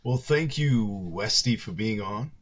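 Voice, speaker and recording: A man's voice: fairly low pitch, animated, measured pace, muffled recording. A man hosting a casual comedic podcast, laughing and signing off in a friendly way. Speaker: podcast host.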